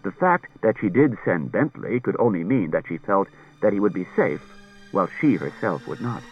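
A man voicing a calm humanoid robot detective who reasons in a quiet, measured, unemotional way. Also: sits low, dull audio, faint music behind.

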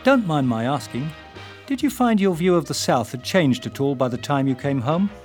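A man's voice: a little high, big pitch swings, moderate pace, darkish tone, soft background music, voice pushed up. Older man reading as a polite young English hitchhiker. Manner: polite, probing questions.

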